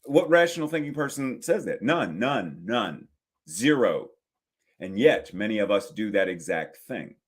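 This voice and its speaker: A minister in his fifties preaching a sermon in a deliberate way, with repetitions and pauses. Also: fairly low pitch, sing-song, slightly rough. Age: 50s. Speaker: senior minister.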